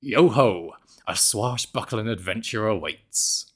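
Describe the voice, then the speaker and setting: A man's voice: lowish voice, animated, slow, a bit bright, breathy edge, exaggerated voice. A man putting on a hammy pirate narrator voice with a West Country accent, full of growled exclamations. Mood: swaggering.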